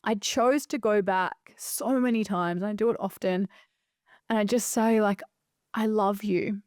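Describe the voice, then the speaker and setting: A woman, hosting a casual solo podcast as a coach, animated and emphatic, swearing freely and often asking "right?". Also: medium pitch, moderate pace, smooth, dry recording, clean studio sound.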